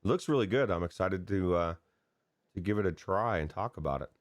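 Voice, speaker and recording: Speaking briskly in a very deep voice, this gaming podcast co-host loosely and eagerly riffs on gaming news, frequently starting his sentences over. The close-miked, dry recording has no room sound.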